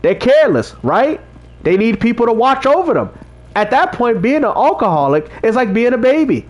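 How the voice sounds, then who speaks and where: A man hosting a casual livestream, talking straight to his chat and preaching about faith, often repeating himself. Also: sits high. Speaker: livestream host reading chat.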